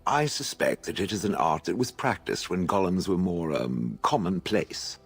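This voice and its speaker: An actor playing a haughty, aloof male stone golem in a game, speaking with posh, husky dryness. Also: low-pitched, lively intonation, normal speed, faint music behind, heavily acted. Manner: posh, refers to others as "it". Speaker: game character. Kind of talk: voiced game dialogue.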